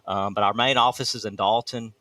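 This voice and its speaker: A man's voice: on the low side, steady tone, brisk, pushed and bright. A man from Georgia with a Southern accent, chatting as a guest over a remote call and often restarting his sentences. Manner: friendly, talks with many restarts and fillers. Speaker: real estate agent guest. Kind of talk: casual interview chat.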